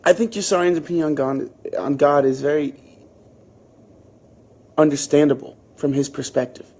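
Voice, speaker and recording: Gravelly-voiced man musing over a book. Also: a little high, steady tone, darkish tone. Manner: thoughtful, halting, with repeated restarts. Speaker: book club host. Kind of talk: reading aloud and casual commentary.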